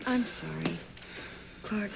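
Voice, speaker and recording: An actress playing a concerned wife in film dialogue, speaking softly and coaxingly. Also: female voice, medium pitch, lively intonation, slow, vocal fry, slight background noise, heavily acted, poor audio.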